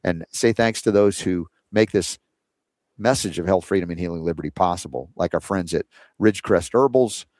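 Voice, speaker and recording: A male talk show host with a low voice, chatting in a loose, rambling way full of fillers and restarts. His voice is recorded close and dry, with no room sound. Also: normal speed, darkish tone, no room sound. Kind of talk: casual talk show chat.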